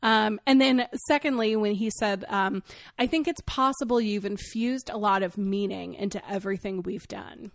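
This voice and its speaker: A woman co-hosting a podcast in casual chat, candid and quick to laugh, swearing freely. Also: medium pitch, dry recording, clean studio sound. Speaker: podcast co-host. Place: podcast recording setup.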